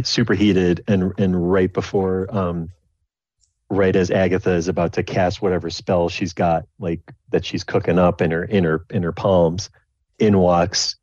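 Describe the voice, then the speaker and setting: A man with a deep, husky voice runs a tabletop game, rambling and restarting his sentences as he narrates. The recording is dull and dry. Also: dry recording. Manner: rambling, full of restarts and fillers. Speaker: game master.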